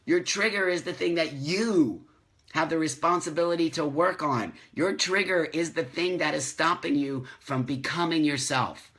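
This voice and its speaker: A man's voice: a little high, moderate pace, fairly bright tone. A man hosting a live morning chat, reading out viewer comments and ranting emphatically, repeating phrases for stress. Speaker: host of a live morning show.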